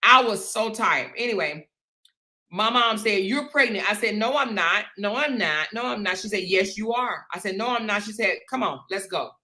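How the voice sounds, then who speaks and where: A woman tells a long personal story to her viewers in a bright, clear voice. She is animated and chatty, and keeps calling her listeners "y'all" and "honey". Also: medium pitch, normal speed. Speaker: show host.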